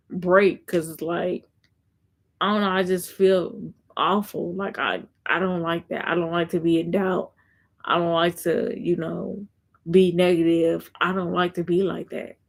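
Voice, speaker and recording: A woman talks earnestly about faith on a live stream, reading comments out loud and answering them. Her voice stays low and even, with a steady gravelly fry. She circles back and repeats her points as she goes. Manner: reads viewer comments aloud and answers them. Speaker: content creator.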